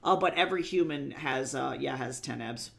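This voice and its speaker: A man streaming as a webcomic artist, chatting casually and thinking out loud in a rambling, self-deprecating way as he works. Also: medium pitch, moderate pace, gravelly. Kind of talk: casual livestream chat while drawing.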